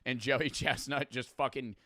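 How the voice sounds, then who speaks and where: Excitable, profane man reacting to a video. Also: medium pitch, moderate pace, no room sound, studio quality. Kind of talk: casual reaction commentary.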